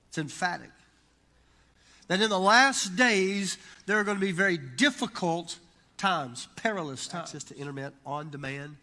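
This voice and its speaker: A middle-aged man preaching a sermon, emphatic and telling stories, building to loud peaks. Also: high voice, moderate pace. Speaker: pastor. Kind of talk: sermon with storytelling. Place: church sanctuary. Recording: long church hall reverb.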